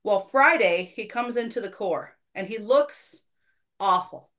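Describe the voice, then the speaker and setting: A woman's voice: medium pitch, expressive, unhurried, a bit bright. A woman talks through a personal church story on a faith podcast. She is earnest and a little self-deprecating, and she acts out what people said in a mid-range voice. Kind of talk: casual faith conversation, storytelling.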